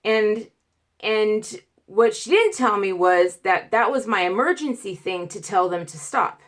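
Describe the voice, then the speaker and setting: A woman's voice: medium pitch, measured pace. Chatty woman retelling a hard story. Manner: animated, acts out quotes, grows loud and emotional; stutters and restarts. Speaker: vlogger. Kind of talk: casual storytelling vlog.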